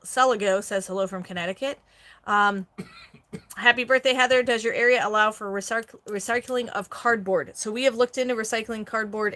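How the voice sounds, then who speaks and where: A middle-aged woman hosting a casual live stream, chatty and quick to laugh as she reads viewer comments aloud. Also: mid-range voice, sharp tone. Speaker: host, online reseller.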